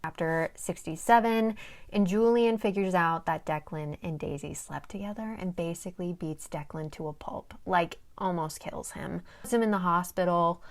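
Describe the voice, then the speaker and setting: A woman's voice: on the low side, normal speed. Chatty young woman recapping a novel. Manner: chatty, swears, dramatic asides. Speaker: book summary vlogger. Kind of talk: casual plot recap with read-aloud passages.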